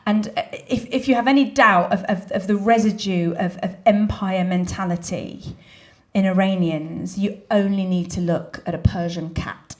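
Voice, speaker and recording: A woman comedian telling stand-up stories, lively and quick to act out the quotes. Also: medium pitch. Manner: lively storytelling, acts out quotes.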